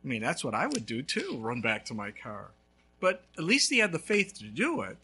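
A male pastor preaching a sermon, telling a story with lively swings between loud and hushed. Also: medium pitch, moderate pace, breathy edge.

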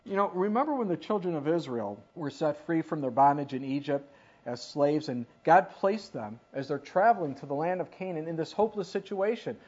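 Animated preacher on a dull recording. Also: medium pitch, fairly quick. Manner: animated, asks the listeners questions. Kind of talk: sermon.

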